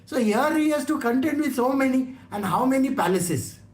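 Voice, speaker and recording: A man's voice: very high-pitched, expressive, normal speed, darkish tone. A man with an Indian English accent giving a conversational scripture talk, teasing and often asking his listeners questions. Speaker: spiritual teacher. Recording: roomy echo.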